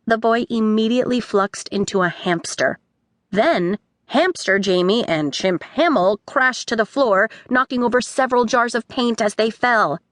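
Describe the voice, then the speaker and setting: A woman narrating a children's audiobook with expressive storytelling. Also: a little high, moderate pace, no echo, clean studio sound.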